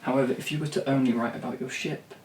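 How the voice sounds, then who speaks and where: A man's voice: medium pitch, fairly even intonation, fast talker, slight background noise. A man rambling to camera about songwriting, blunt and swearing freely, with many restarts. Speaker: songwriter and vlogger. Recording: roomy, distant from the mic, faint ambience.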